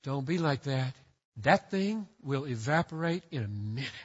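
A man's voice: mid-range voice, lively intonation, normal speed, husky. A man preaching a sermon as pastor, emphatic and building to fervent declarations. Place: church sanctuary. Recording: dull sound with long church reverb.

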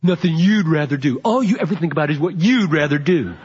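A man's voice: sits high, expressive, a little slow, slight background noise, voice pushed up. A man voicing a delighted middle-aged wife at the door, gushing and surprised, in a raised voice. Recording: dull lo-fi sermon recording.

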